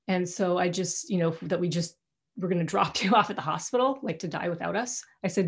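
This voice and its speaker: Her voice is low, steady in tone and fast, as a middle-aged woman addresses alumni by video call from her home. As a guest speaker, she's candid and conversational, frequently stopping and starting sentences over.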